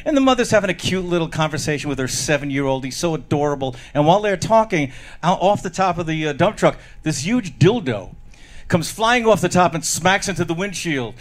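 A slightly high male voice telling a dirty joke in an easy, conversational way. He puts on the mother's and the kid's lines as the joke goes along. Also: expressive, a little fast. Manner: casual storyteller, voices the punchline characters. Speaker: comedian at a memorial show. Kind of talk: telling dirty jokes among friends.

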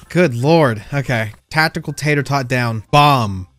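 A man's voice: mid-range voice, moderate pace, soft background music. A man doing casual gameplay commentary, teasing other players and yelping when surprised. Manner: playful trash talk to other players, sudden excited yelps. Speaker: gaming YouTuber.

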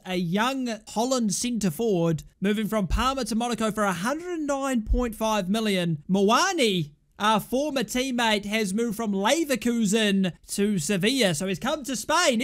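Excitable British lad commentating gameplay. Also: male voice, sits high. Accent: British English. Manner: excitable, swears, shouts at teammates. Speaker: gaming YouTuber.

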